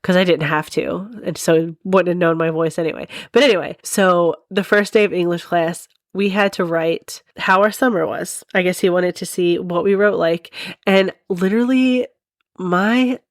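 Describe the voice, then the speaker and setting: A woman's voice: on the low side, steady tone, normal speed, no echo, studio quality. A woman hosting a podcast, telling a story in a rambling, casual way and often breaking into laughter. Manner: giggly, rambling, laughs often mid-sentence. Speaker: podcast host.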